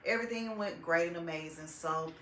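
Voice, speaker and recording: A woman giving a heartfelt, halting testimonial about her mother's treatment, holding back tears as she speaks. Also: fairly low pitch, a bit bright, slight background noise. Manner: heartfelt, halting, with many "um"s and "I just". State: tearful, holding back emotion. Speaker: client's daughter giving a testimonial. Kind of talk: personal testimonial. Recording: echoey room.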